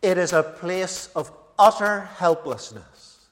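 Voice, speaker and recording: A male preacher delivering a sermon, measured and emphatic, repeating key phrases for weight. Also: high-pitched, expressive. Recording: long reverb of a large hall.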